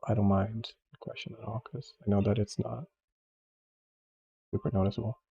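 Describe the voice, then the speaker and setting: A man hosts a live drawing stream, chatting casually and telling a rambling story packed with fillers and restarts. His lowish voice is creaky and mellow, with a flat delivery at normal speed, and the audio sounds dull.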